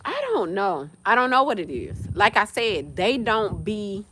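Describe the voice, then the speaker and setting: A woman's voice: mid-range voice, a little slow, hardly any pauses, slightly rough. A young woman, hosting a livestream and talking in a blunt, profane, casual rant. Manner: blunt, profane, animated ranting with laughs. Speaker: livestream host. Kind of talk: casual chat.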